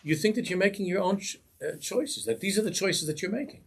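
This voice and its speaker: A man's voice: sits high, animated, fast talker, slightly rough. A man, a rabbi giving an impassioned Torah class in a synagogue, pleading with rhetorical questions.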